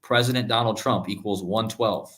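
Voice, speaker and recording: A man with a lowish, slightly bright voice hosts a numerology live stream, talking through a screen-share monologue. Insistent and repetitive, he returns to "guys" and "okay?" constantly and frequently halts to restart what he's saying.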